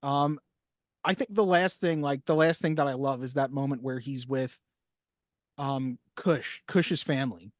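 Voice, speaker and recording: A man co-hosting a casual film podcast, talking at length and acting out movie lines with lively emphasis. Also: mid-range voice, unhurried, dry recording, studio quality. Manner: animated, acts out movie lines. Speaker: podcast co-host.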